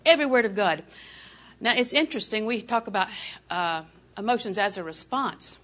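Bright-voiced older woman preaching with humor. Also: medium pitch, normal speed. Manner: folksy, humorous storytelling with frequent laughs. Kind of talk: sermon.

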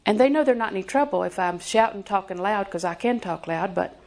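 A woman in her sixties preaching a sermon in a folksy, joking way, sometimes dropping to a hushed voice for emphasis. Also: mid-range voice, fast.

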